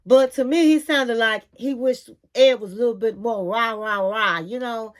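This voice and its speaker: Chatty high-voiced woman vlogger. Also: normal speed. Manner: chatty, gossipy, calls listener honey. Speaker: reality TV recap vlogger. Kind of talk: casual recap chat.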